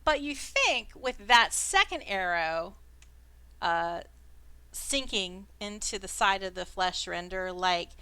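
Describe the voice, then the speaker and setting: A woman's voice: lowish voice, bright, forceful tone, clear, resonant tone, no room sound. A woman narrating as dungeon master in a casual way, with playful sound effects and fillers, over an online voice call. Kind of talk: narrating a tabletop game.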